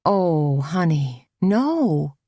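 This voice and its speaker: A woman's voice: low-pitched, very animated, drawn-out words, mellow, breathy edge, no room sound, clean studio sound, full character voice. A woman voicing a kind, determined café owner who speaks steadily and reassuringly in a storybook reading.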